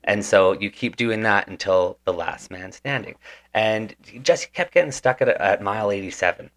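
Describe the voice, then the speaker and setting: A man's voice: fairly low pitch, normal speed, a bit bright. A man hosting a podcast, telling a story in a casual, slangy way and calling people "dude" and "man". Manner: laid-back and slangy, says "dude" and "man". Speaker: podcast host. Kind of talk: casual conversation, animated storytelling.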